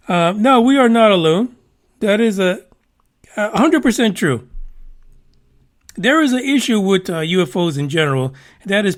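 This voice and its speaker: A man hosting a podcast, chatting casually about news with rambling, profane, wisecracking asides. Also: high-pitched. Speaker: podcast host.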